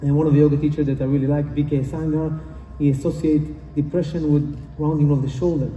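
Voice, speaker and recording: A little fast, with a warm tone and fairly even intonation, this man's fairly high voice carries a motivational conference talk. A faint hiss or hum runs through the distant, echoing hall recording. He speaks earnestly, repeats his ideas, and phrases things like a non-native speaker.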